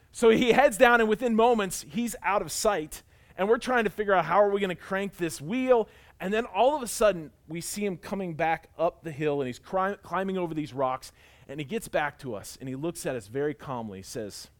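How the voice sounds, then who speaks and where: A male pastor preaching a sermon and telling a personal story, earnest, rising to loud emphasis and dropping to quiet intensity. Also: high voice.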